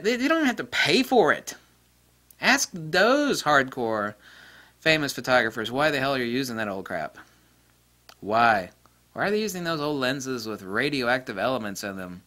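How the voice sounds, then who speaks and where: A man delivering a blunt, sarcastic rant about camera gear, mocking the claims of others with put-on voices and loose swearing. His voice is bright and forceful, sitting at a middle pitch. He drifts into jokes and laughs at them himself. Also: big pitch swings, moderate pace. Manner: digresses into jokes and laughs at his own humor. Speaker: photography video host. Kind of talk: ranting casual monologue.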